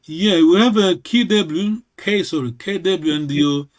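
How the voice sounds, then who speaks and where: A man with a notably high voice leads an informal language class. He talks in a halting way, repeats himself and stops often to check that his students follow. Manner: halting, repeats words, keeps checking with "yes?". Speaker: language teacher.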